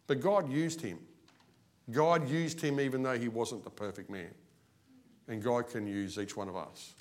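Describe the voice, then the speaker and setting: A man preaching an evening service sermon, animated, his voice swinging between loud and soft. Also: on the low side. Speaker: lay preacher. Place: church.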